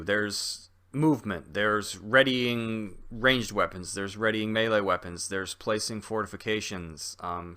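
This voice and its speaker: Bright-voiced young man reviewing games. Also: lowish voice. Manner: rambling, lots of fillers and restarts; chatty and jokey. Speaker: game reviewer. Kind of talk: casual video game review.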